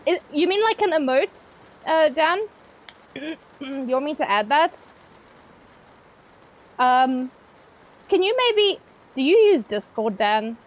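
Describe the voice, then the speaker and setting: High-voiced, playful woman streamer. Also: animated, slow pace, pauses often. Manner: playful, chatty, swears freely, laughs often. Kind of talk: casual live-stream chat with viewers.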